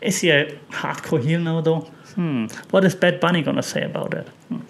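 A man's voice: on the high side, moderate pace, gravelly. A man hosting a casual wrestling recap, chatty and opinionated, with many fillers and restarts. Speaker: wrestling podcast host.

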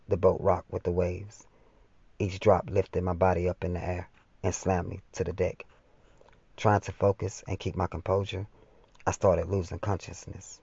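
Deep gravelly man reading his story. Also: warm tone, dry recording. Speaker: author reading his own novel. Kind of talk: first-person audiobook narration. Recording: slightly dull, dry lo-fi recording.

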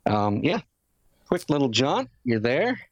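A man from Canada with a Canadian accent, chatting on a podcast in an easygoing way with plenty of halting fillers. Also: mid-range voice, sing-song, no room sound, dull audio. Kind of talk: casual podcast chat.

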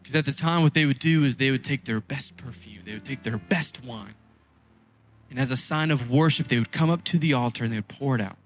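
A man's voice: medium pitch, brisk. A man preaching a conversational sermon as a pastor, pressing his points by repeating key phrases.

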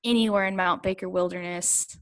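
A woman's voice: lowish voice, steady tone, fairly quick, fairly bright tone, poor audio. A woman in casual chat, talking in a rambling way full of fillers and little laughs. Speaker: guest.

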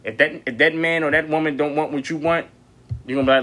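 A young man hosting a podcast, telling stories in a blunt, profane, animated way. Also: a little high, fast. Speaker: podcast host. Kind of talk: casual storytelling monologue.

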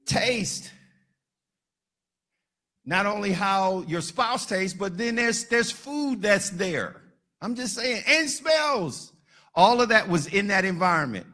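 A man preaching a lively sermon in a church, his voice high and ringing bright. He jokes with the congregation, slows down for emphasis and then bursts into shouts. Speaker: pastor.

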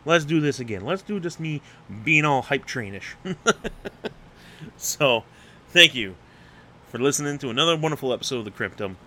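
A man's voice: mid-range voice, animated, moderate pace, long pauses, sharp tone. A young man hosting an unscripted solo podcast, rambling and getting hyped, swearing freely and stumbling over restarts. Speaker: podcast host.

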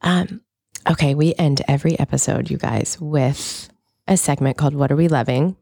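A woman's voice: deep voice, moderate pace, vocal fry, mellow, dry recording, clean studio sound. A woman in her thirties co-hosting a podcast in casual, enthusiastic chat, laughing often. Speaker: podcast co-host.

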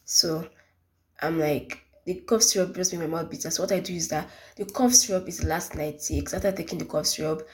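Young Nigerian woman, lowish voice, solo podcast host, rambling casual chat with lots of "like". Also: fairly even intonation, brisk, a little mellow. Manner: rambling, repeats herself, many "like" fillers.

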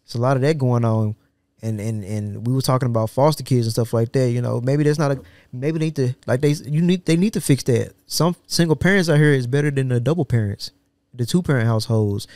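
A man co-hosting a podcast in casual chat, slangy and quick to joke and laugh. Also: medium pitch, a little mellow, dry recording, studio quality. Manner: joking, laughs often, slangy. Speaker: podcast co-host. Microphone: studio podcast mic.

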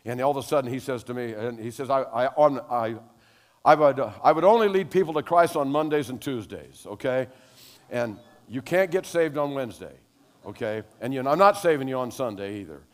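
An older man preaching a sermon as pastor, telling animated stories that rise to loud exclamations. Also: medium pitch, a little fast, big-room sound.

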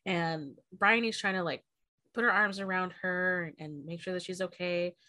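Woman on a book podcast, low-ish voice, dry close sound, swears a lot, retells the story. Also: fairly even intonation, moderate pace, sharp tone, no echo. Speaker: podcast co-host. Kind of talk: casual book-club chat.

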